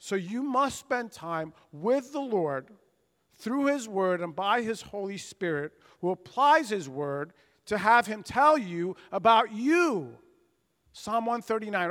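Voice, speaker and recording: With a high, animated voice that is a bit bright, this American man delivers a slow-paced sermon in a church sanctuary. He preaches earnestly with emphatic swells, acting out the quoted words of biblical figures, and the hall's long reverb lingers throughout.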